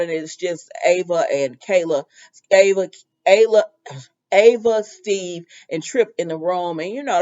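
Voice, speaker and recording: A woman's voice: medium pitch, darkish tone, dull audio. A woman casually recapping a soap opera episode, retelling scenes in quoted lines and making asides to her viewers.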